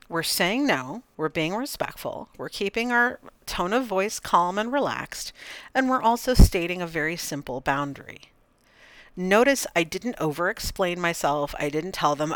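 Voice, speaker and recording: A woman hosting a coaching podcast, calmly demonstrating and encouraging her listeners. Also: on the low side, unhurried, no echo.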